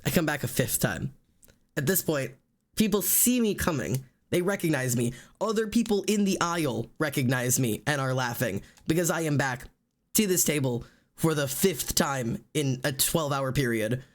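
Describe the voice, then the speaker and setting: A man's voice: on the high side, normal speed. A man streaming live, telling a long story in a casual, profane way and acting out the people in it. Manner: animated, profane, quotes people in lively put-on voices.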